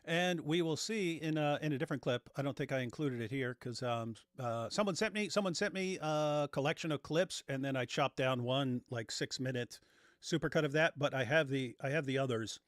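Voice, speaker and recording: A man hosting a show, giving animated, sarcastic commentary on clips. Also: mid-range voice, brisk, no echo, studio quality. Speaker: host. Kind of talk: reacting to clips, casual chat.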